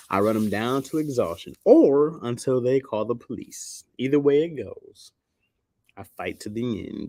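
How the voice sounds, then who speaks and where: A man's voice: mid-range voice, a little mellow, dry recording, clean studio sound. A man hosting a livestream, chatting casually with viewers, rambling and slangy, laughing a lot. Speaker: livestream host.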